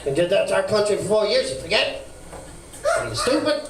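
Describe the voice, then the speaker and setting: Brief: brash, fairly high-voiced man doing a crude stand-up persona on a club stage, mic distant, echoey and noisy. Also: lively intonation, a little fast, creaky. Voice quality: brash, crude, mumbling asides. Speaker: stand-up comic. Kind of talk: stand-up set in a brash lounge-act persona. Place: comedy club stage, live. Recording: echoey room heard from far off.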